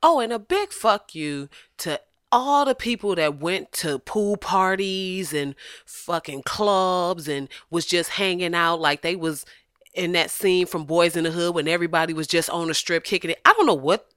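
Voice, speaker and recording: Vlogger, profane rant, blunt and emphatic, bright voice, dry close sound. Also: medium pitch, moderate pace, smooth, no room sound. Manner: blunt, emphatic and swearing, with bursts of laughter.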